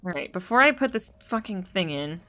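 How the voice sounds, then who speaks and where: A woman's voice: on the low side, expressive, fairly quick, bright, forceful tone. Young woman streamer, casual profane game commentary, bouncy delivery. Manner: joking, swears a lot, talks to chat.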